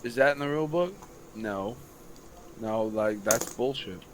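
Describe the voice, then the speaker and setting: A young man, a high school football coach, telling a long story on a casual late-night podcast, swearing freely and acting out what others said. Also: a little slow, slight background noise. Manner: profane, animated storytelling.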